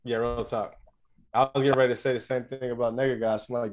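A man co-hosting a casual podcast, swearing freely as he tells stories in an animated way. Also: medium pitch, fast. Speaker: podcast co-host. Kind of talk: casual chat.

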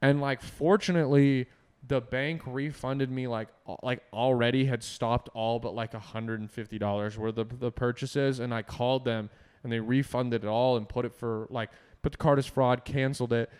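A man's voice: mid-range voice, steady tone, moderate pace, a little mellow, clear, resonant tone. A young man in casual chat, rambling with constant fillers and swearing.

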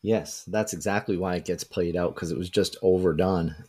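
A man co-hosting a podcast, telling a story in a laid-back, wry, deadpan way. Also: sits low, moderate pace, breathy edge. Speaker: podcast co-host. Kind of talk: casual storytelling.

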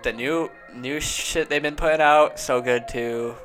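Young guy from ohio, chill storyteller, bright tone, bit of music under it. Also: medium pitch, steady tone, a little slow. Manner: laid-back storytelling, peppered with dude and man. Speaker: podcast guest. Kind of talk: casual chat.

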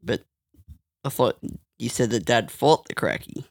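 A man's voice: mid-range voice, animated, unhurried. A young man chatting casually, joking and sounding indignant as he tells a story.

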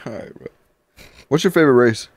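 A man's voice: mid-range voice, a little fast. A man co-hosting a podcast, talking in loose, profane, joking banter. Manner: loud, joking, profane, animated. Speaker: podcast co-host.

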